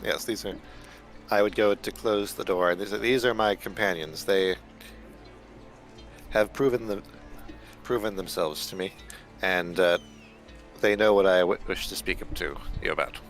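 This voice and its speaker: A deep-voiced player, unhurried and pausing at length, voices an earnest young male traveler returning to a temple in a tabletop roleplay. His tone is a bit bright, the character's speech formal and hesitant, with faint music behind.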